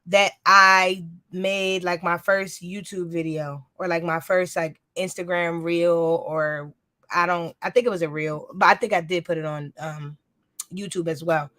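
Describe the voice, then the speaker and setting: A woman's voice: on the low side, fairly even intonation, unhurried, pushed and bright, dry recording, clean studio sound. A woman guest in a casual interview, telling her story in a chatty, rambling way with lots of filler words. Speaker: podcast host and sneaker content creator, guest.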